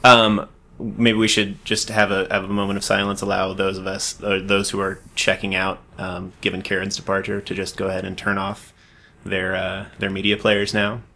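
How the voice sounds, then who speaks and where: A man co-hosting a podcast in casual chat, talking about legal matters with dry, wry deadpan humor. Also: sits low, normal speed, gravelly. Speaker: podcast co-host, legal expert.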